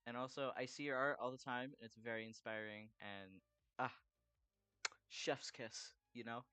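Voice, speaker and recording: A man's voice: medium pitch, steady tone, moderate pace, sharp tone, clear, resonant tone, no room sound. A man chatting casually while he draws commissions, rambling and swearing freely. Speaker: artist drawing commissions. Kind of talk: casual chat while drawing.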